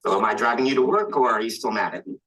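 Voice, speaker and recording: An actor playing an evasive man offering a friend a ride in a sitcom, with a husky voice. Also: medium pitch, expressive, racing, a bit bright, poor audio. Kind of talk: sitcom acting.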